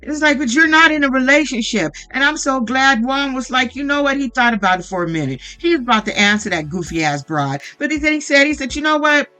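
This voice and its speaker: A woman's voice: sits high, lively intonation, fast talker, few pauses, pushed and bright, clean tone, faint music behind. A woman giving casual reality TV recap commentary in a blunt, profane and opinionated way. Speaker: vlogger recapping a reality show.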